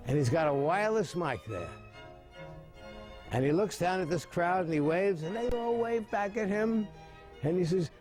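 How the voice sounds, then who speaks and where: A man in his seventies explaining mime and telling jokes with lively storytelling, his voice rising high as the stories build. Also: normal speed, soft background music. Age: 70s. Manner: animated storytelling with big pitch jumps.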